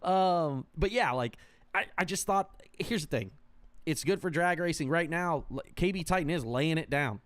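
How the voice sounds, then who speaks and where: A man co-hosting a casual podcast, talking in an animated, rambling way with lots of restarts. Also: fairly high pitch, moderate pace, dry recording. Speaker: co-host.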